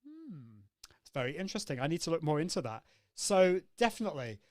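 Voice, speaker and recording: A man's voice: a little high, very animated, fairly quick, no room sound. A man hosting a live coaching show, upbeat and demonstrative, answering viewers' comments as he teaches. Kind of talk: live-stream coaching talk.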